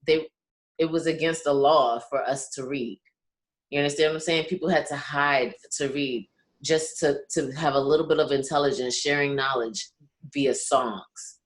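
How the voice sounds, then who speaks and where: A woman's voice: deep voice, fairly even intonation, normal speed. A young Caribbean-born woman co-hosting a casual podcast, making her point earnestly and often checking that she is understood. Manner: earnest, keeps asking "you understand what I'm saying?". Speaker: podcast co-host.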